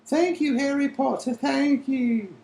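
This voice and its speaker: A squeaky little elf boy. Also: takes it slowly, vocal fry, warm tone, slight background noise, full character voice. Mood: grateful. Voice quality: squeaky, very high. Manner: ungrammatical, defiant elf speech. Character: small male house-elf, eager and grateful. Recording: roomy echo.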